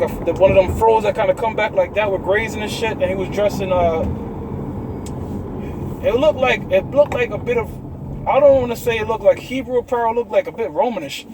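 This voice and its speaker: Outdoors in a city, a man with a high-sitting voice casually shares religious testimonies, rambling about his dreams and visions and calling his live listeners brothers. The background is noisy.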